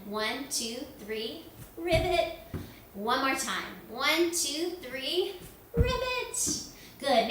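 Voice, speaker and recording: A woman leading a yoga lesson for children, giving slow, gentle, sing-song instructions. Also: on the high side, a little hiss or hum. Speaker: kids yoga teacher. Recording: echoey room, voice from far off.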